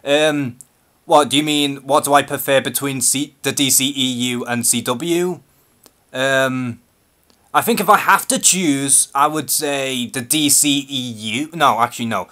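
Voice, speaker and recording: A man's voice: medium pitch, a little slow, sharp tone. A man from Liverpool with a Scouse accent, hosting a live-stream Q&A and speaking in a nervous, hesitant, unscripted way. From Liverpool, England. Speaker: YouTube channel host.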